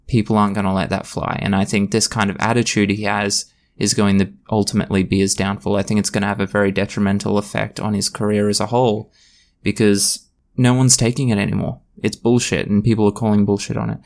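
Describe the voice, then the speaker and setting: A man with a low, gravelly voice hosts a solo podcast, talking bluntly and with passion. His delivery is a ranting monologue with plenty of feeling behind it. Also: little pitch movement, fast talker, a little mellow. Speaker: podcast host.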